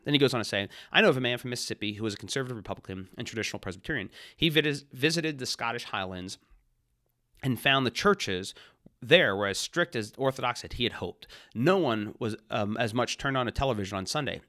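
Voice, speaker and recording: A man hosting a podcast, reading an article aloud and commenting on it in a quick, conversational way with asides and restarts. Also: lowish voice, pushed and bright, dry recording, clean studio sound. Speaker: podcast host.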